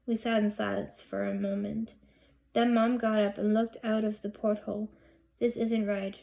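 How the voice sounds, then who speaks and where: A woman's voice: medium pitch, level tone, normal speed, vocal fry, dark tone. A woman narrating a children's chapter book in first person, reading expressively. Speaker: audiobook reader. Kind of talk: storybook narration.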